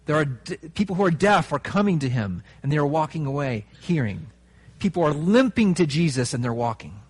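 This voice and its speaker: A man preaching a sermon in a conversational, animated way, with fillers and asides. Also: fairly high pitch, normal speed, slightly rough. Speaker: pastor.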